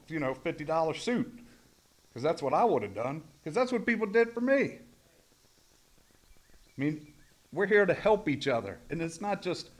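Middle-aged man with a fairly high voice, plainspoken and swearing freely, telling a rambling recovery story. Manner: blunt, profane, rambling storyteller. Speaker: recovery meeting speaker. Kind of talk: personal recovery share.

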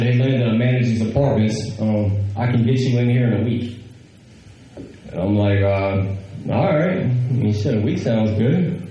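Animated storytelling man in an echoey room. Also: medium pitch, lo-fi sound. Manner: animated, quoting others, laughing. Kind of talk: casual storytelling.

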